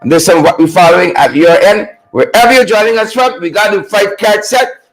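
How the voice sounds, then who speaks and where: A man hosting a live stream, greeting viewers by name and repeating his phrases with high energy. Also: animated, a little fast, faint music behind, poor audio. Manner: repetitive, hypes viewers with shout-outs.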